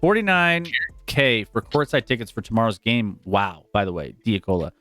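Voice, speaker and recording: A man co-hosting a casual sports livestream, laughing often as he reads chat. His pitch swings widely as he talks. The sound is dry, with faint music underneath. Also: big pitch swings, moderate pace, sharp tone, dry recording. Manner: laughs often, loose and chatty. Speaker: co-host.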